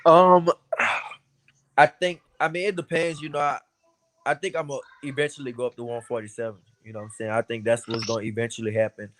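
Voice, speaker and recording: A man's voice: medium pitch, level tone, a little fast, a bit bright. A man with an American accent, a boxer chatting casually and slangily as a guest over a remote call. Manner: laid-back, slangy, "you know what I'm saying" fillers. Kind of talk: casual chat.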